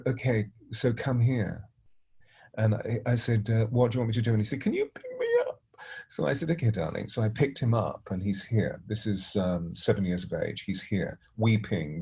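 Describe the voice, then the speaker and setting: A middle-aged man, a spiritual teacher, telling a story gently and unhurriedly, pausing and restarting often. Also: fairly low pitch, creaky, slightly rough. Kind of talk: reflective storytelling.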